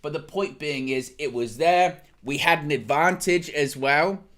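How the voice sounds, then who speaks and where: A man hosting a football fan show, ranting in an animated, exasperated way after a match. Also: on the high side, unhurried. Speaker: football fan channel host.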